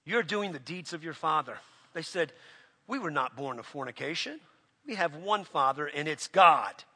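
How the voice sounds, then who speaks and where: A man preaching a sermon with passion, dropping to a hush and then rising to shouts. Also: a little high, lively intonation, moderate pace, breathy edge, long reverb tail. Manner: impassioned, swings from hushed to shouting.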